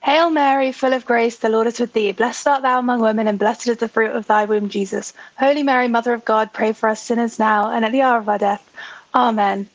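A woman caller rattling off a prayer from memory in a quick, rote recitation. Her fairly high voice comes through a dull, lo-fi line with no room sound at all. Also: fairly even intonation, no room sound. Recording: dull, dry phone-quality message.

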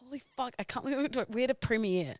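A woman's voice: a little high, fast, no echo. A woman co-hosting a podcast in casual chat, telling stories in a chatty, giggly way. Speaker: podcast co-host.

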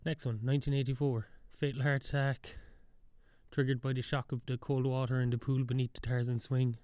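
A young man talks in a loose solo monologue, drifting between thoughts and cutting himself off mid-sentence with a wry edge. His voice is mellow and dark. The sound is dry and close. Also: medium pitch, little pitch movement, fairly quick, dry recording. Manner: rambling, wry, self-interrupting. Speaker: podcast host.

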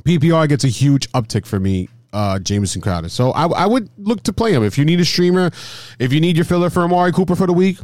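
Fast-talking casual podcast co-host man. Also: fairly high pitch, animated, darkish tone, no room sound, studio quality. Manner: rambling, repeats himself, laughs easily. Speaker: fantasy football co-host.

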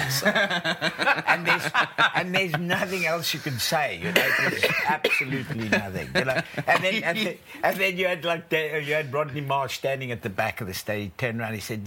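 A man's voice: a little high, animated, normal speed, sharp tone, slight background noise. A man guest on a podcast, telling a rambling old story with restarts and chuckles. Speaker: podcast guest, former batsman. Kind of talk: casual chat, anecdote.

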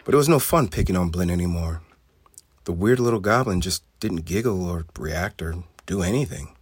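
A man reading a children's storybook aloud in an expressive, steady way. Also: low voice, normal speed, slightly rough, no echo.

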